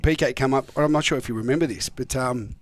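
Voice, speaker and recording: An Australian former footballer, appearing as a guest, spins animated yarns in a casual chat and acts out what people said. His voice is medium-pitched and fast.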